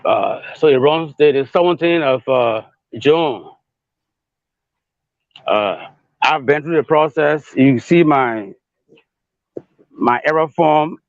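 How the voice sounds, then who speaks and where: A man's voice: a little high, slow, pauses often, dry recording, muffled recording. Hesitant male field correspondent. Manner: hesitant, with many fillers and restarts. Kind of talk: casual field report.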